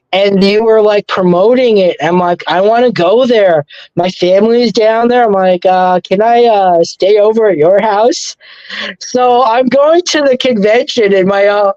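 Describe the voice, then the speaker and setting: A man's voice: sits high, a little mellow, no room sound, dull audio. A man chatting casually as podcast co-host, rambling through stories and quoting himself and others as he goes. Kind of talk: casual chat.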